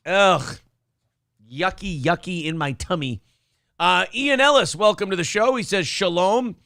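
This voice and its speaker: Man co-host, gravelly and slightly high, dry close sound, crude banter. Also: unhurried, bright, forceful tone, no echo. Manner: crude, joking, reads chat aloud. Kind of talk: casual livestream chat.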